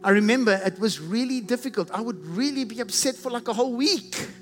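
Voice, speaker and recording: A man's voice: very high-pitched, lively intonation, brisk, in a large hall, soft background music. A man preaching a sermon as a pastor, earnest and stacking repeated phrases into building lists.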